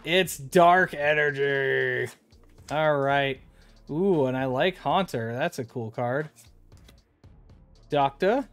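Slow-talking man opening card packs. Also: mid-range voice, a bit bright, dry recording, faint music behind. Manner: chatty, reads card names aloud, talks to chat. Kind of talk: casual live-stream chat.

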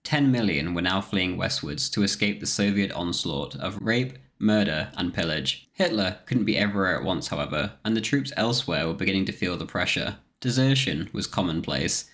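Guy with a real low voice doing scripted history narration, measured and steady. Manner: measured, reads quotations aloud with spoken quote marks.

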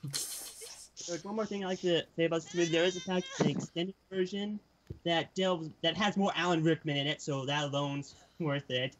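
A man's voice: on the high side, steady tone, moderate pace, noisy background. A man chatting casually about movies, telling crude jokes and laughing as he talks. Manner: crude joking, laughs while talking. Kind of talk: casual chat.

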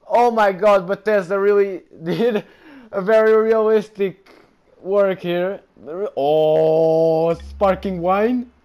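A man giving excited let's play commentary while gaming, often calling his audience bro. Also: high-pitched, slow, lo-fi sound. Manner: excitable, keeps saying bro. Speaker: gamer.

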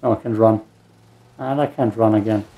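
A man's voice: lowish voice, fairly even intonation, normal speed, gravelly, phone-quality sound. A man giving casual let's play commentary while gaming, with meandering mumbled asides. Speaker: gaming streamer.

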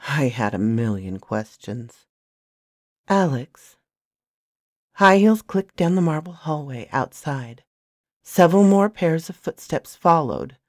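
A woman narrating a novel in the first person with a soft, hushed delivery on a close mic. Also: low-pitched, big pitch swings, a little slow, no room sound. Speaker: storyteller.

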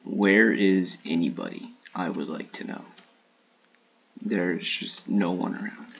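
A man streaming a shooter game in casual live commentary, swearing and trash-talking opponents with sudden excited outbursts. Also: sits low, slow, vocal fry, slight background noise.

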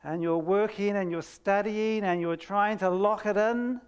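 A preacher with a clean, medium-pitched voice gives a sermon, reading scripture slowly and deliberately. Key words get heavy stress, and every phrase trails off until it's nearly silent.

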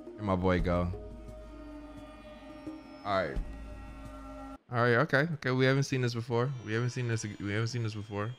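A young man with a mid-range voice streams a video game, reading its dialogue aloud while chatting casually in heavy slang. He talks at a moderate pace, pauses often, rambles, and says "bro" constantly, with music playing in the background.

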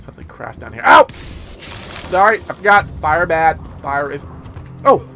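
A man giving casual let's-play commentary as he plays, excitable and swearing often with sudden outbursts. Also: a little high, unhurried, vocal fry. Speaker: gameplay commentator. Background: game music.

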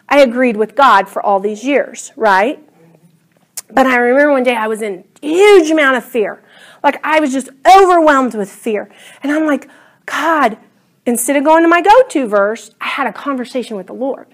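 A woman teaching a class Bible study in a conversational, animated way, acting out her own prayers. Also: sits high.

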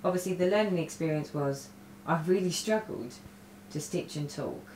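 Middle-aged woman vlogger, lowish voice, rambling chatty storyteller, recorded on a webcam in a roomy home space. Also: moderate pace, a little mellow, slight background noise. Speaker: cross-stitch vlogger. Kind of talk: casual stitch-along chat. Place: room at home. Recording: roomy echo.

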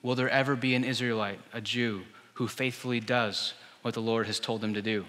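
A man's voice: mid-range voice, steady tone, a little fast, fairly bright tone, in a large hall. A male pastor preaching a sermon, telling the story with animation and acting out the voices he quotes. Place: church hall.

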